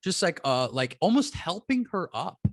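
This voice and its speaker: A man's voice: on the high side, sing-song, normal speed, no room sound, clean studio sound. A man telling a story in a casual podcast chat, acting out the people he quotes. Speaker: comedian guest.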